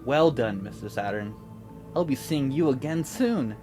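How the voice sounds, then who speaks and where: A man playing a smug, mysterious mentor who offers pills, speaking in a smooth, theatrical, lecturing way in a comedy skit. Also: mid-range voice, lively intonation, unhurried, darkish tone, faint music behind, natural voice. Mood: ominous.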